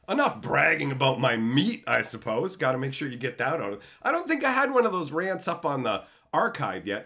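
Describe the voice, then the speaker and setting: A man in his thirties from Canada, ranting crudely on a live stream, swearing freely and bragging, swinging from loud outbursts to mumbles. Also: on the high side.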